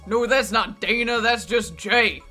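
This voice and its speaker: A woman co-hosting a let's play in casual gameplay chat, giggly and rambling with halting restarts. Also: fairly high pitch, bright, forceful tone, faint music behind.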